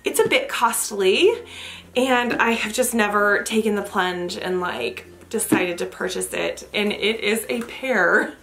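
Gushing, excitable woman vlogger. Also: mid-range voice, a little slow. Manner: gushing, excitable, lots of gasps and exclamations. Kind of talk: unboxing haul video.

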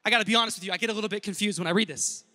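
A man's voice: high-pitched, rapid-fire, sharp tone, long reverb tail. A male pastor preaching an earnest sermon in a church and speaking directly to the congregation. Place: church sanctuary.

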